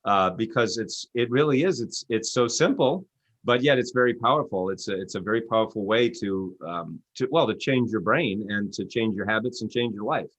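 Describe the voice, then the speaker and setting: An author and coach, this man tells stories as an interview guest, acting out quoted voices with a rising pitch. He sounds animated and talks at a normal speed, with no echo in the recording.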